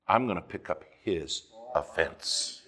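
A man preaching a fervent sermon, swinging between loud emphasis and hushed asides as he tells a story. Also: low voice, animated, slow. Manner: storytelling with quoted dialogue.

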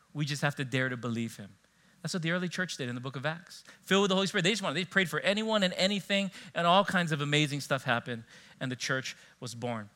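A man preaching a sermon as pastor, telling personal stories in an animated way and acting out the dialogue. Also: fairly high pitch. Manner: animated storytelling, acting out dialogue, frequent laughs.

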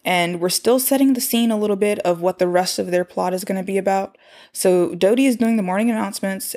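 A woman's voice: medium pitch, darkish tone. A woman chattily recapping a cartoon episode, with exasperated asides. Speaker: show recapper. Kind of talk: casual recap and commentary.

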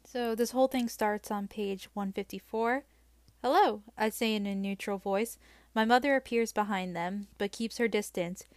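A woman hosts a book podcast, summing up chapters in a chatty way and often pausing on filler sounds. Her mid-range voice sounds close and dry, with no room around it. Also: mid-range voice, fairly even intonation, no room sound. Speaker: podcast host. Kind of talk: book recap podcast, reading aloud.

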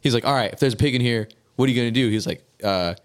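Fast-talking young man rambling a story. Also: medium pitch. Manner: rambling storyteller, heavy swearing and slang. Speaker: podcast host. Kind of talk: casual podcast chat.

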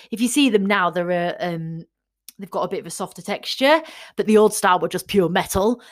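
A woman, chatty and enthusiastic, casually telling her personal fitness story to her followers. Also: fairly low pitch. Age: 30s. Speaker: fitness vlogger.

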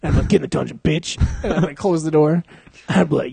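A young man chats casually on his podcast, swearing freely and breaking into laughter. His voice sits a little high, and the sound is dry and close. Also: big pitch swings, normal speed, vocal fry, mellow, husky, no room sound. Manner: crude, joking, laughs often, swears a lot. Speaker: podcast host. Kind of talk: casual chat.

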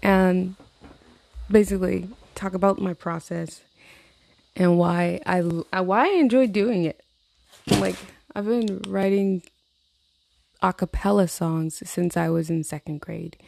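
A woman's voice: lowish voice, fairly even intonation, slow pace, vocal fry, pauses often, a little mellow. A woman, rambling in a casual vlog about her songwriting, swearing and laughing often. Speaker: songwriter vlogger. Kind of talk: casual chat to camera.

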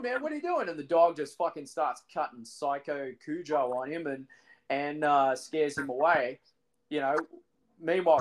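A man's voice: a little high, darkish tone, a little hiss or hum, low-quality recording. A man co-hosting a casual podcast, recounting movie scenes with enthusiasm and plenty of swearing. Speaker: podcast co-host. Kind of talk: casual chat.

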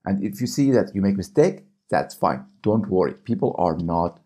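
A man's voice: low voice, animated, moderate pace, warm tone. A man giving coaching advice to camera in a vlog, often checking in with his viewers. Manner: coaching, keeps checking in with "okay?" and "right?". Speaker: small business YouTuber.

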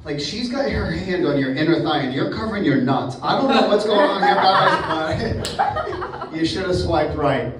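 A man's voice: fairly high pitch, very animated, normal speed. A man from Boston doing a profane stand-up comedy set, often laughing at his own jokes. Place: comedy club stage with live crowd. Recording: echoey, distant, noisy room recording.

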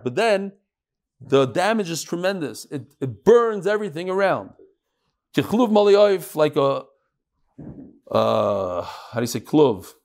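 A man teaching a Talmud class, reading the text aloud and translating it line by line. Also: high voice. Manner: reads Hebrew-Aramaic text then translates in Yeshivish English.

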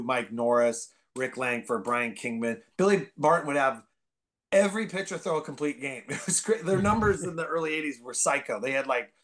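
A man from the Bay Area, a comedian guest, telling rambling stories full of fillers and bursting into loud, excited impressions. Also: medium pitch. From San Francisco Bay Area. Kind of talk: casual podcast storytelling.

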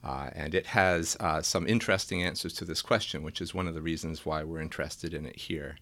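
A man with a deep, low voice co-hosts a podcast in a casual academic discussion. He explains slowly and thoughtfully, stopping often with fillers and restarts. The sound is close and dry, with no room around it. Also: steady tone, sharp tone, dry recording. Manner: thoughtful, hesitant, with frequent fillers. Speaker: podcast co-host.

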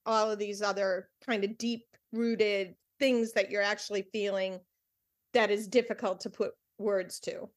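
A woman co-host adding slow, thoughtful remarks in a casual talk. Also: medium pitch, flat delivery.

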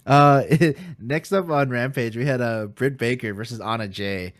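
A man's voice: medium pitch, normal speed, no echo, clean studio sound. A man co-hosting a podcast, recapping matches casually with lots of fillers and easy laughter. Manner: laughs easily, many fillers. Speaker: podcast co-host.

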